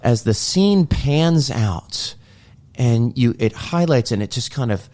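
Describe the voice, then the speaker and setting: A man's voice: mid-range voice, expressive, slow, warm tone. A man with a mid-range voice co-hosts a podcast and earnestly retells a film scene. He talks in a reflective, heartfelt way. He acts out the lines he quotes. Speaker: podcast co-host.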